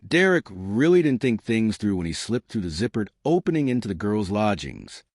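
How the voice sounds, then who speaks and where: Horror audiobook narrator, male, measured; low pitch, animated intonation. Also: no echo, studio quality. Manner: measured storytelling. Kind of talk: scripted narration of a horror story.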